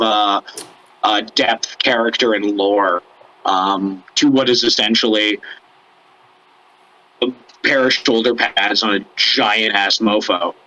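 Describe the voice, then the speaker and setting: A man chatting casually on a hobby podcast with a bright, forceful edge to his voice. He talks in an animated, loose way, swears freely and slips into silly voices for laughs. The recording is dull and lo-fi. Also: medium pitch. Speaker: podcast co-host. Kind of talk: casual chat. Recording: dull lo-fi sound.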